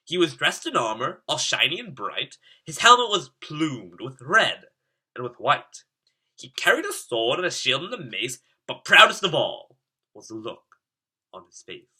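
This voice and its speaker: Guy reading a rhyming storybook, sing-song, swoops all over, husky bright voice. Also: mid-range voice, big pitch swings, measured pace. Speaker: storybook reader.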